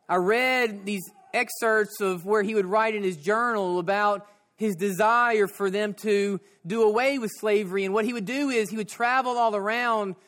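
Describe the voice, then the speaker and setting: A man preaching a sermon, repeating phrases and slowing down to stress his points. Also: high voice, a bit bright. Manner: repeats phrases and slows down for emphasis.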